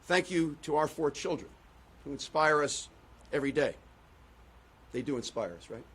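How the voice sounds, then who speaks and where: A man's voice: on the high side, moderate pace, background noise. A man, a political candidate, giving a concession speech and then answering press questions, driving points home with repeated phrases. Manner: rhetorical, repeats phrases for emphasis.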